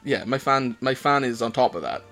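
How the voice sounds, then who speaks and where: A man's voice: mid-range voice, lively intonation, brisk, fairly bright tone, soft background music. A man with a Welsh accent co-hosting a casual podcast on a headset mic, rambling with lots of fillers and restarts. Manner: rambling, hesitant, many fillers. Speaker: podcast co-host.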